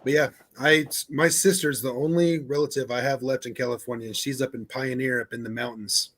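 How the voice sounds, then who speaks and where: A man's voice: mid-range voice, steady tone, fairly quick, fairly bright tone. A joking man from the Bay Area, chatting casually with friends and laughing often. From San Francisco Bay Area. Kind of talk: casual group chat.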